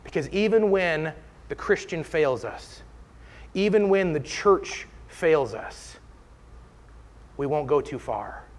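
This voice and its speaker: A man's voice: a little high, lively intonation, takes it slowly, pauses often. Man sharing an earnest faith testimony. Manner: earnest, heartfelt personal testimony. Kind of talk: sermon testimony.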